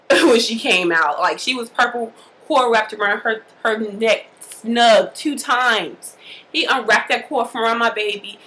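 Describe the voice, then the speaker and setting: A woman casually telling a personal story to the camera in a lively, colloquial way, acting out the scenes as she goes. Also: fairly high pitch, a little hiss or hum, low-quality recording. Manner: animated, colloquial, acts out the scenes. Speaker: mother telling a birth story.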